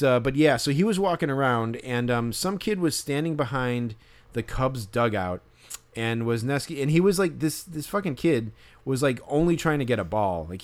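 Rambling man in casual chat. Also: medium pitch. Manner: rambling, many fillers and restarts.

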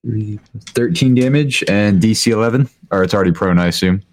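A man playing a tabletop game, calling out rolls and damage in a relaxed, playful way with jokey sound effects. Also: fairly low pitch, a little fast, dry recording. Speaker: player.

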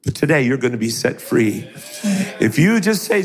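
A man's voice: medium pitch, normal speed, in a large hall. A middle-aged man preaching a sermon who acts out the voices of the people in his stories. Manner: animated, acts out voices in quotes.

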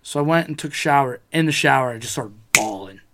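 A man's voice: medium pitch, fast, noisy background. A young man in casual chat, telling a personal story with lots of swearing and acted-out quotes.

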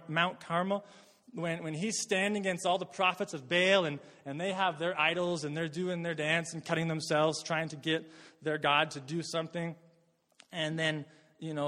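A man from Canada preaches a sermon in a conversational, earnest way. His voice sits a little high for a man, and his words tumble and repeat as he works through the point. The room carries a long, ringing echo. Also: bright, forceful tone. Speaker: pastor.

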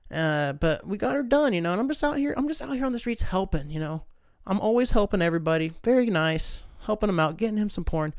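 A man hosting a podcast, telling comic stories in a profane, rambling, animated way. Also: high-pitched, fast talker, hardly any pauses, dry recording, clean studio sound. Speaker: podcast host. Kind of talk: casual comedic storytelling monologue.

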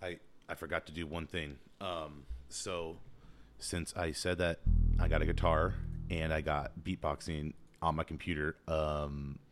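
Man, young adult, low voice, casual vlog talk, rambling, self-correcting. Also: little pitch movement, unhurried, fairly bright tone, slight background noise. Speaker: beatboxer and home-studio YouTuber.

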